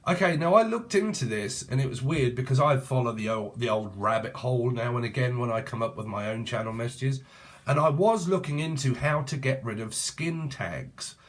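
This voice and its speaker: A middle-aged British man rambles through a casual tarot reading, cracking crude jokes and swearing freely. His voice sits at an ordinary pitch, loose and chatty, drifting from topic to topic. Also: lively intonation, moderate pace. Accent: British English. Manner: jokey, swearing, rambling, bursts into sing-song. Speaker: tarot reader.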